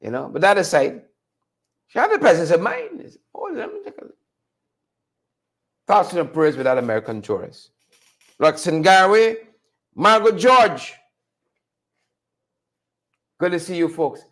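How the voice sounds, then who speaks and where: A man hosts a live-stream show, chatting with viewers in an animated, conversational way and calling them folks. His voice is on the high side, at a measured pace with frequent pauses.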